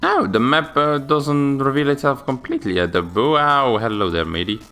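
A man's voice: mid-range voice, moderate pace, bright, forceful tone, faint music behind. A man hosting a let's play, chatting casually and searching for words as he plays. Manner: rambling, searching for words with fillers. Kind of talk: casual gameplay commentary.

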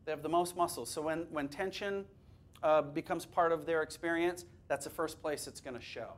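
Leading a teacher training workshop lecture before a live audience in a classroom or workshop room, this presenter speaks in a fairly high voice. His style is lively, loose and conversational, sprinkled with quick jokes and questions for the room.

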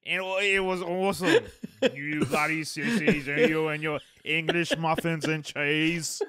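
A man voicing a boastful, macho Australian tradie in an exaggerated Australian accent, blustery and half-shouted. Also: on the high side, fairly even intonation, a little slow, crowd noise, natural voice.

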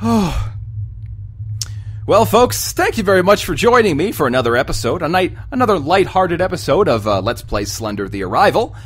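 A man's voice: high-pitched, sing-song, moderate pace, a bit bright, slightly rough. A man hosting a let's play of a horror game, jumpy and exclaiming, talking to his viewers as folks.

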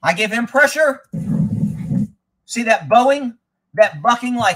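A man's voice: extremely high pitch, animated, slow, long pauses, a bit bright. A man who trains horses, giving blunt, rambling live commentary over riding footage and swearing freely.

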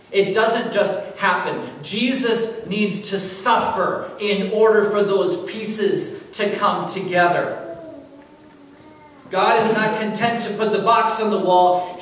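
A male pastor preaching a sermon in a relaxed, conversational storytelling manner, recorded in a church. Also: high-pitched. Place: church sanctuary. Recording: echoey church from far off, faint hiss.

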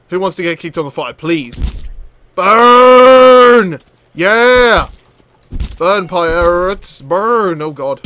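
A man commentating his own gameplay, excitable and chatty, shouting at enemies and laughing often. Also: on the high side. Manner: excitable, loud outbursts and swearing, frequent laughter; chatty, talks to enemies on screen. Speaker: gaming channel host. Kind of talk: let's play commentary.

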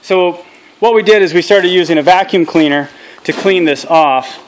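A man with a voice pitched a bit above the typical male range hosts a casual outdoor vlog at a small farm processing setup, speaking at a moderate pace with slight background noise. He's earnest and candid, sprinkling his talk with acronyms and military jargon.

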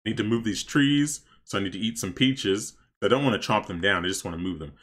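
Man, streamer, casual gameplay commentary, lowish voice, excitable, chatting with viewers. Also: a little fast, husky. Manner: chatty, excitable, talks to chat. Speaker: streamer playing a life-sim game.

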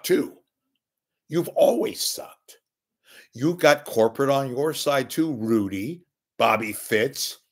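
A man hosting his own show, delivering a blunt, sarcastic, combative rant that swings between low mutters and loud outbursts. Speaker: media commentator host. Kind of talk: ranting monologue.

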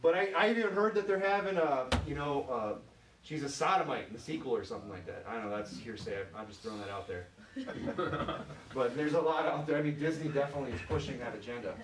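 This fast-talking male pastor from Michigan delivers an informal sermon, full of "you know" and questions aimed at the congregation, amid some crowd noise. Recorded from a distance in a reverberant church sanctuary, his middle-pitched voice echoes over a faint hiss.

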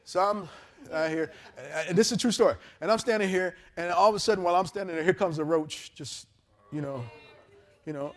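A man preaching, his voice sitting high for a man. He tells his story with animated character voices, breaking into laughter as he goes. It sounds like a live sermon delivered on a mic. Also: fairly quick. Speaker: pastor. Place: church service in a hotel venue. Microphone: handheld or lapel mic.

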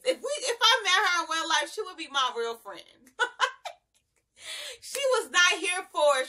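A woman's voice: extremely high pitch, sing-song, normal speed, long pauses, sharp tone. A young woman, reviewing a reality show in casual, slangy chat and laughing often.

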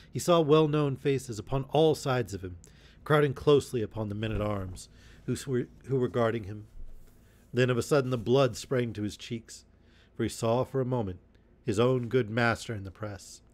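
A man narrating an old adventure novel aloud as a calm bedtime story, in a steady, measured reading. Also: medium pitch.

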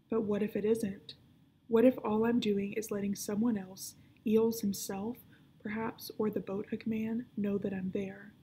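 A woman librarian reading a children's book aloud, narrating in a hushed, often whispered voice. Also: medium pitch, a little hiss or hum.

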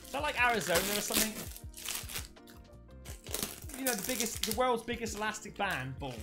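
Excitable man with a lively voice. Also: sits high, a little fast, music in the background. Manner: excitable, exclamatory, says mate a lot. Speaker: YouTuber opening fan mail. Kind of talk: casual unboxing chat.

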